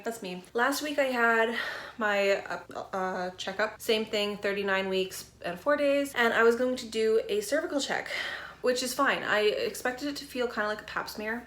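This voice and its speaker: Young woman vlogger, tearful and candid, medium pitch, roomy echo. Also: a bit bright, slight background noise. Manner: candid, rambling, emotional. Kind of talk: casual chat.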